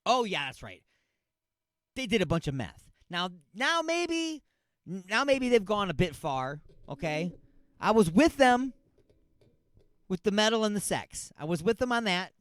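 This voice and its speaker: A man's voice: high voice, animated, moderate pace, pauses often, a bit bright, no echo, studio quality. A man hosting a comedic radio talk show, rambling and jokey, repeating himself and stretching words for effect. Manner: rambling, jokey, mock-outraged.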